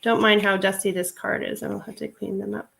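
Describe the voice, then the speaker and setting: A chatty woman talks through her work on a casual live stream, going through jewelry and gushing over the cute pieces. Her pitch sits in an ordinary middle range, and keys clatter softly behind her. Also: little pitch movement, a little fast, vocal fry. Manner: chatty, gushing over items, reads viewer comments. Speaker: reseller livestream host.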